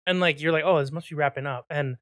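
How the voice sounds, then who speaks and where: A man co-hosting a podcast who retells film scenes in an animated way and laughs often. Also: a little high, fast talker, no echo, clean studio sound. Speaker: podcast co-host. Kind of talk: casual chat reviewing a film.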